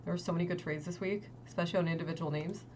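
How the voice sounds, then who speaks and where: A young woman hosting a trading livestream, talking casually and quickly to her chat with lots of "like" and exasperated asides. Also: lowish voice, steady tone, warm tone, a little hiss or hum. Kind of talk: casual market commentary to chat.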